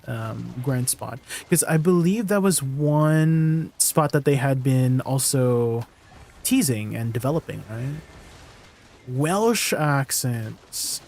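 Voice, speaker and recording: A man with a somewhat high voice chatting through a casual game stream. He talks in an easygoing way, answers questions from his viewers and laughs easily along the way. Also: darkish tone. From Canada. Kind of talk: casual gameplay stream chat.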